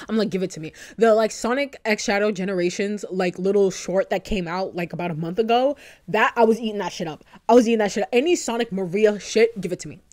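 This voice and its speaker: A woman's voice: mid-range voice, darkish tone. A young woman YouTuber giving casual fan commentary, gushing and rambling, often breaking into laughs.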